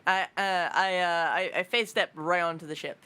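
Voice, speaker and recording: A woman's voice: fairly low pitch, steady tone, moderate pace, bright, forceful tone, clear, resonant tone. A woman playing in a tabletop role-playing session, speaking hesitantly and playfully. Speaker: player.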